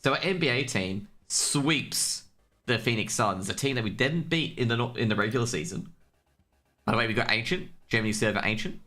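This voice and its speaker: A man's voice: medium pitch, animated, a little fast, sharp tone. An Australian man casting an esports match on his own stream, chatty, rambling and jokey. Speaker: esports caster. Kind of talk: casual solo stream commentary.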